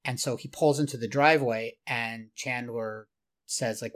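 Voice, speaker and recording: A man's voice: medium pitch, fairly even intonation, fairly quick. A man co-hosting a podcast, retelling a video clip in detail and explaining, sometimes laughing at himself. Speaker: podcast co-host. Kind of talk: casual podcast discussion.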